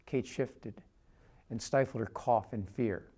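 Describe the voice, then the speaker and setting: A man reading a literary short story aloud in a measured narrating voice. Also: mid-range voice, warm tone. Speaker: reader.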